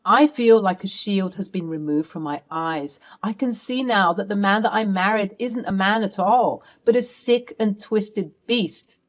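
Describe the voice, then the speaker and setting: A woman's voice: medium pitch, measured pace, few pauses, natural voice. A woman playing a fierce, commanding mother. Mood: serious. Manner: firm, cutting, commanding. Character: fierce protective mother, middle-aged woman. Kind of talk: storytime role-play.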